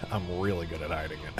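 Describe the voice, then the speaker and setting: A young man casually chatting with his livestream chat while modding a game, joking around and swearing often. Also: low-pitched. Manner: animated, swears often, jokey banter with chat. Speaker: streamer modding a video game.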